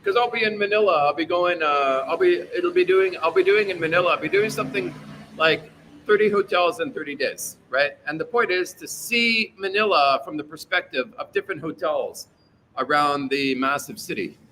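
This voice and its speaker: A man rambles through a casual livestream in a bright, sharp voice that sits a little high. He reads out chat messages and answers them loosely, with plenty of fillers and restarts. Faint background noise runs under his talk. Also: moderate pace. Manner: rambling and opinionated, with frequent fillers. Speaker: livestream host reading chat.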